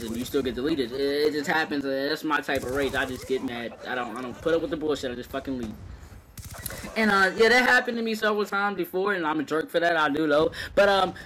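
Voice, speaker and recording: A man's voice: mid-range voice, fairly bright tone. A man talking casually over gameplay footage, rambling with many fillers and restarts and swearing freely. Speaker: gameplay video commentator.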